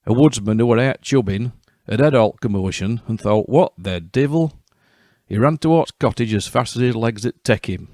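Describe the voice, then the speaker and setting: A man's voice: mid-range voice, a little fast, a little mellow, no echo, studio quality. A man telling a fairy tale in broad Yorkshire dialect, with wry asides to the listener. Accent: West Riding Yorkshire. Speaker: storyteller.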